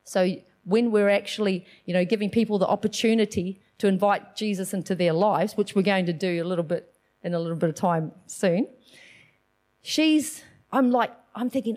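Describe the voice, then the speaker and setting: A woman preaching a sermon, telling a personal testimony in a lively storytelling manner and acting out the voices of others. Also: medium pitch, normal speed. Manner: animated storytelling, acts out quoted voices.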